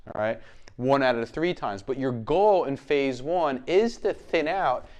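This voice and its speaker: A man's voice: darkish tone, smooth. A man teaching dog training, explaining as he works with a dog. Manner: gives short commands and praise to a dog, explaining as he goes; slips into a high sing-song voice when talking to the dog. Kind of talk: hands-on training demonstration.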